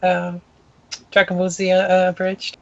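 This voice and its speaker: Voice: mid-range voice, monotone, moderate pace, no room sound, dull audio. A tabletop game player who makes dry, wry remarks.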